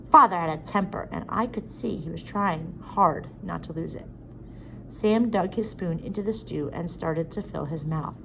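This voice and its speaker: A woman narrating a story aloud in a steady reading voice. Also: fairly low pitch, normal speed, vocal fry, slight background noise, rough recording. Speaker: audiobook reader.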